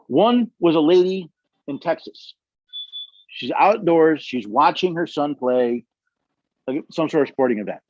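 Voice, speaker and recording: A man's voice: fairly high pitch, animated, a little slow, long pauses, darkish tone, no room sound, lo-fi sound. A man leading a constitution study session, telling stories emphatically and acting out the quotes, with audience questions. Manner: emphatic storytelling, acts out quotes.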